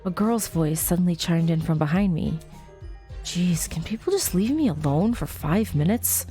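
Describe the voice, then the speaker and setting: A woman's voice: fairly low pitch, animated, moderate pace, dark tone, faint music behind. A young woman playing a story game, reading its text aloud with chatty, giggly asides. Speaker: let's play host.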